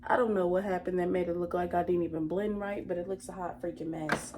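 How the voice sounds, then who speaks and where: A young woman in her twenties, a beauty vlogger, chats to viewers while doing her makeup, addressing them directly as "y'all." Her lowish, slightly mellow voice is fairly even and fast, with a little hiss or hum. She's emotional and close to tears during this casual tutorial chat.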